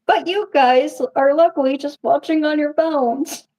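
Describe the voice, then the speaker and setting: Young woman streamer, high and mellow, rambling casual Q&A chat. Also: unhurried, poor audio. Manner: rambling, chatty, laughs often. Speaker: puppeteer live streamer.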